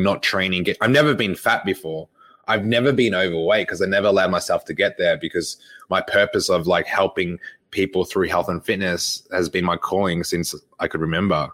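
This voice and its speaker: A man's voice: deep voice, a bit bright. A young man, a fitness coach telling a rambling, profane story in casual podcast talk. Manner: rambling, profane, laughs often.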